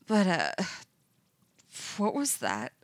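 A woman reads out a caring young man from a storybook, his voice dropped low and a little scratchy. He speaks slowly and soothingly, and the sound is close and dry. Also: wildly swooping pitch, dry recording, exaggerated voice. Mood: tender. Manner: soft, soothing.

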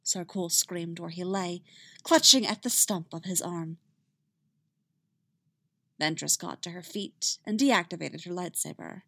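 A woman's voice: fairly low pitch, measured pace, creaky, long pauses, a bit bright, dry recording. Woman reading a story aloud, dry. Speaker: narrator. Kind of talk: reading fan fiction aloud.

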